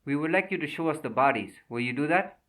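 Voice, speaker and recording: A man's voice: on the high side, lively intonation, fast talker, fairly bright tone, distant mic, voice pushed up. A firm, formal police major taking charge of an arrest, as a male narrator plays him. He speaks in clipped official terms, the voice raised somewhat above the narration. It sits a little back from the mic. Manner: firm, formal, soothing at times.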